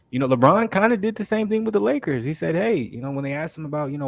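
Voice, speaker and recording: Animated man in casual sports chat. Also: fairly high pitch, fast talker, creaky, hardly any pauses, no echo. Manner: animated, quotes people in acted voices. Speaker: podcast co-host.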